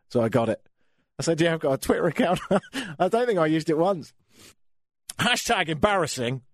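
A man's voice: medium pitch, no echo. An English man hosting a talk radio show, grumbling through a sardonic rant into a studio microphone. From England.

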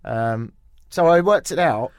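A man's voice: medium pitch, lively intonation, measured pace, no echo, studio quality. A young man hosting a radio show, joking and riffing in casual chat. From England. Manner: jokey, playful, riffing.

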